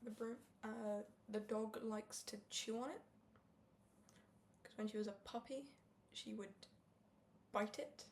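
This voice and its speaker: A woman's voice: a little high, steady tone, slow pace, long pauses, slight background noise. A young woman from Britain, chatting casually as she bakes at home, rambling and trailing off. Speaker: streamer. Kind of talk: casual chat while baking. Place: home kitchen.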